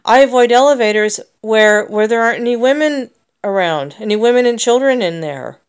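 A woman's voice: on the high side, lively intonation, fairly quick, smooth. An American woman talking in a personal vlog monologue, emotional and rambling, with many restarts. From United States.

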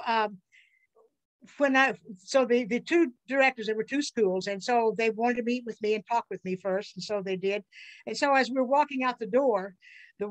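An older woman from the USA, telling personal stories as an interview guest in an earnest, halting way with many restarts. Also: on the high side, poor audio. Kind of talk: personal storytelling.

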